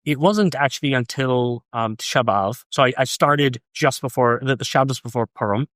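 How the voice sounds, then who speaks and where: A young man in his twenties speaks at a middle pitch, stumbling over his words and circling back as he recounts a personal story. He sounds close and dry on a podcast microphone, with no room around him. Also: fairly bright tone, no room sound. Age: young adult. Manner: halting, repeats words, many ums. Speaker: guest. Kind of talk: casual interview storytelling.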